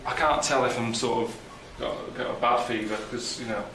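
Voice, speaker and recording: A man, presenting a travel documentary on location in a deadpan, weary, grumbling way. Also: medium pitch, a little fast, faint music behind.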